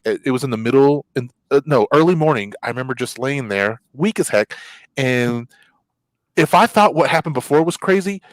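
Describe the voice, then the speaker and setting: A man's voice: medium pitch, no echo, rough recording. A man co-hosting a talk show, telling a personal story in casual chat and acting out the people in it. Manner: animated storyteller acting out quoted dialogue. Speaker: co-host.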